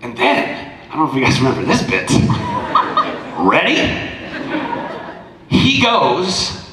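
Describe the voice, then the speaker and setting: A man's voice: high-pitched, huge pitch swings, takes it slowly, crowd noise. A man in his forties, a celebrity guest at a fan convention panel, telling a long, tangential and heartfelt story full of restarts. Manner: verbose and tangential, rambling with restarts. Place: large convention panel room. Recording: echoey convention hall.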